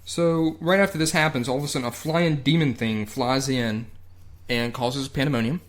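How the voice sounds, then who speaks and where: A man's voice: medium pitch, moderate pace. A man co-hosting a casual podcast, narrating a movie's plot with wry, crude humor. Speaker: podcast co-host. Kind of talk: casual movie recap chat.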